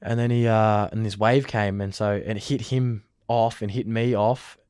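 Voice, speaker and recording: A man's voice: lowish voice, level tone, moderate pace, darkish tone, clean tone, dry recording, clean studio sound. A young Australian man telling a story in a casual interview, rambling with lots of filler words. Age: young adult. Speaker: interview guest, rugby league player.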